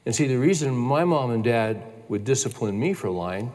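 A man's voice: mid-range voice, lively intonation, a little mellow. Older male pastor preaching in reverb. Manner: emphatic, slow repeated declarations. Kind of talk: storytelling sermon. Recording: long church-hall reverb.

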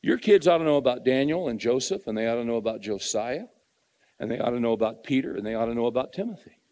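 A man's voice: medium pitch, lively intonation, fast, darkish tone, big-room sound. A middle-aged man preaching a sermon in an earnest, conversational way, repeating phrases for emphasis.

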